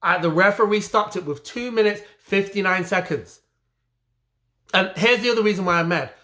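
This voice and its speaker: In a heated rant, an English boxing vlogger protests a fight outcome, driving his points home over and over. The voice is high-pitched with a sharp tone and a normal pace.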